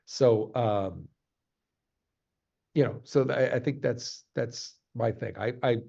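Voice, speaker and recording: A voice actor being interviewed, talking in a halting, animated way in casual chat. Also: male voice, medium pitch, vocal fry. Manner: animated, halting, jumps to quick voice demos. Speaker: voice actor guest. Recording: slightly muffled, lo-fi sound.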